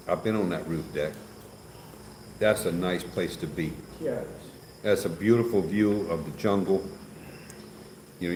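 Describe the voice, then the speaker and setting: This livestream host's voice is low-pitched and darkish as he jokes around and reads through comments, chatty and teasing. There's echo and some faint background noise in the audio.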